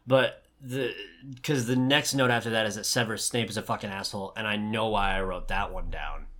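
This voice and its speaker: A man's voice: lowish voice, a bit bright. A man co-hosting a casual podcast chat, swearing freely and retelling scenes with mock voices. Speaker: podcast co-host.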